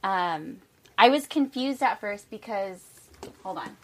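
A woman's voice: medium pitch, animated, takes it slowly. A woman co-hosting a casual chat show, telling stories at an easy pace, often laughing and trailing off into fillers. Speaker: podcast co-host.

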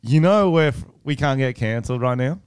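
An Australian man co-hosts a podcast with playful, teasing banter and frequent laughter. His voice is smooth and resonant, recorded close and dry. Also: mid-range voice, animated, fairly quick, no echo. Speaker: podcast co-host. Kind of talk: casual comedic podcast banter.

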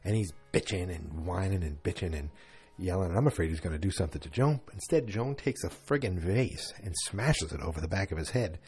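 A man's voice: low voice, fairly quick, few pauses, darkish tone, husky. A tired man yawning through a chatty, rambling late-night recap of a TV episode, full of fillers.

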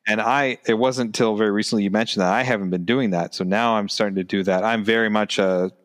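A man co-hosting a podcast in casual chat, excitable and laughing often, acting out drum sounds. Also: fairly low pitch, fast talker. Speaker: podcast co-host.

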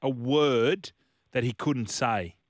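Joking Australian quiz-master host. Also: male voice, medium pitch, takes it slowly, dry recording, clean studio sound. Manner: joking, laid-back. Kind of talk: casual radio banter.

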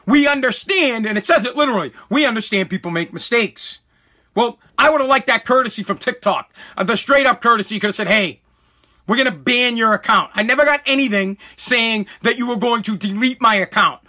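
A man's voice: very high voice, brisk, bright, forceful tone. A man who makes online content, ranting angrily to camera, repeating himself and swearing. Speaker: content creator. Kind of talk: angry rant to camera.

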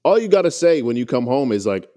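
A man's voice: mid-range voice, big pitch swings, quick pace, dark tone, no room sound. A man chatting as a podcast host in a jokey way, laughing along with his guest. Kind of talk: casual chat.

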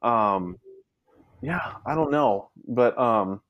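A man telling his family story as a guest in a casual interview, rambling with many fillers and animated retelling. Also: lowish voice, extremely slow, no echo, muffled recording. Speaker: guest, son.

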